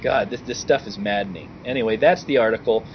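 A man co-hosting a casual podcast, talking in an animated, sarcastic and exasperated way. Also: lowish voice, quick pace, muffled recording, slight background noise. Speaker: podcast co-host.

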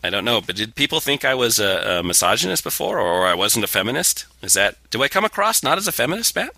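A man's voice: medium pitch, very animated, fast, vocal fry, pushed and bright, no room sound. A man co-hosting a podcast, chatting casually with a sarcastic, mock-indignant edge and reading out listener mail. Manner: reads listener mail aloud. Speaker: podcast co-host. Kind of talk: casual comedic chat.

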